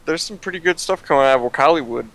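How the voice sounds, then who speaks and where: Man, podcast co-host, bright tense voice, playful teasing jokes. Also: on the high side, very fast, low-quality recording. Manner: joking, teasing. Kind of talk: casual chat.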